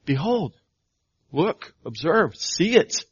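A man's voice: mid-range voice, fairly even intonation, unhurried, dry recording, lo-fi sound. A male pastor preaching a sermon, firing off rhetorical questions and building to emphatic proclamations.

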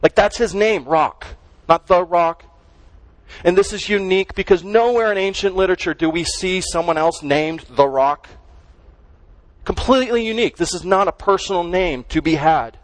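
A man's voice: high voice, normal speed, no room sound, low-quality recording. A man preaching a sermon as pastor, stressing and repeating key words as he teaches.

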